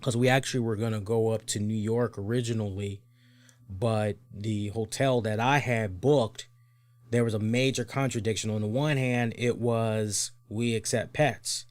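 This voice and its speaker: A man's voice: moderate pace, no room sound. A man in his thirties hosts his own show and tells a long story in easy, casual chat. He swears freely and swings his voice sharply upward when he acts out what other people said. The recording is very dry, with no room sound at all. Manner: animated, swears freely, acts out other people's lines with big pitch jumps. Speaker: podcast host.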